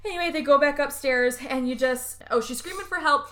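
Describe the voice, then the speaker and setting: A woman's voice: sits high, a little fast. A woman co-hosting a casual chat, recapping a movie with lots of acted-out voices. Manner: animated, acts out characters' lines. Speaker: podcast co-host recapping a movie.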